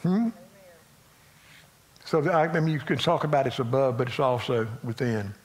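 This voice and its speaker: A male pastor with a Southern US accent preaching a sermon in a folksy manner, moving between loud emphatic lines and quiet asides. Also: medium pitch, normal speed.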